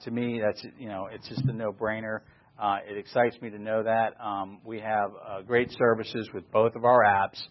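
Middle-aged male presenter, eager sales pitch, rambling delivery, dull lo-fi sound. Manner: enthusiastic, rambling with fillers and restarts.

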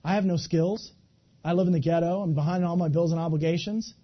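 A man in his twenties giving an animated, folksy motivational talk, speaking directly to a live audience. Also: a little high, quick pace, highs cut off. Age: 20s.

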